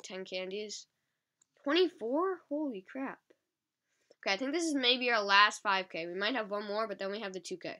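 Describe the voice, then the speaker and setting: Stuffy-nosed woman chatting to viewers over her phone game, bright and excitable. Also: mid-range voice. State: stuffy nose, sniffly. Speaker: mobile game channel host. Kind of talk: casual gameplay commentary.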